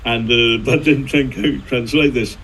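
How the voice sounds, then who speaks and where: A man's voice: medium pitch, steady tone, moderate pace, a bit bright, slight background noise, low-quality recording. A middle-aged man, a journalist and author, telling anecdotes in a rambling way, full of fillers and restarts. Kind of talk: conversational storytelling.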